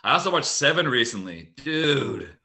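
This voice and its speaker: Man, casual chat, bright tone, lively pitch, laughs a lot. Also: moderate pace, vocal fry. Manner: laughing, animated, swearing casually.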